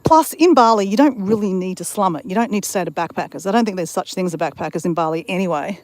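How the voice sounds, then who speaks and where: A woman's voice: lowish voice, quick pace, a little mellow, no room sound. A woman chatting on a live stream while out on a bush walk, rambling and greeting viewers in the chat, on a handheld phone mic. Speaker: vlogger.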